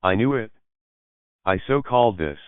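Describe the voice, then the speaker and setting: A man voicing an excitable young woman friend who gushes and squeals with delight. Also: sits low, moderate pace, dry recording, close to an everyday voice. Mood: shrieking. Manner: gushing, squealing, breathless. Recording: narrow phone-like dry sound.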